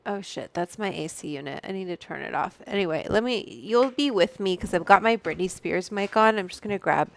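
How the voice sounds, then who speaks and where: A woman's voice: mid-range voice, a little fast, vocal fry, hardly any pauses, slight background noise. A woman hosting a casual livestream from home, chatting in a rambling way, reading out viewer names and swearing freely into a studio microphone. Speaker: livestream host. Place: room at home.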